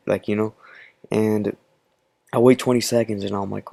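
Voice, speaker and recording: A man's voice: lowish voice, level tone, normal speed, creaky, darkish tone, dry recording. A man telling a personal story in casual commentary, rambling with many fillers. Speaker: channel host.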